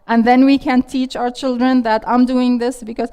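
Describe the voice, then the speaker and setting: A woman's voice: fairly high pitch, flat delivery, normal speed, dark tone, clean tone. A middle-aged woman teaching a parenting workshop, restating audience questions and encouraging them. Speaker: parenting instructor. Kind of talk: interactive parenting workshop talk. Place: classroom with a live audience.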